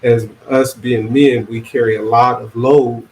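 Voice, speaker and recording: Male guest, mid-pitched, soft and halting, faint background noise. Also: steady tone, rough recording. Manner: soft-spoken, halting, many fillers. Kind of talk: reflective confessional talk.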